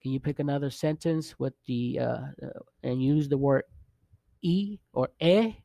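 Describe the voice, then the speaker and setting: A man teaching Spanish vowels in a casual video lesson, pausing often to check in with the viewer. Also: mid-range voice, steady tone, vocal fry, dark tone, no echo. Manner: halting, restarts often, checks in with "okay?" and "right?".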